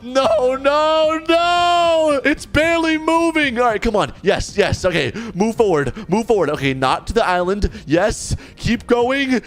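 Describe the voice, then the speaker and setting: A man narrating a game roleplay video in an excitable way, often yelling. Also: extremely high pitch, a little slow, few pauses. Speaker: gaming video creator.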